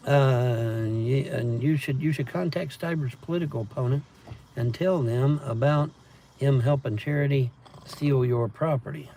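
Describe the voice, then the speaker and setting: Man, dark mellow voice, profane rambling livestream chat, faint background hiss. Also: mid-range voice, a little slow. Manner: profane, meandering storytelling with laughs. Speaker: livestream host reading chat.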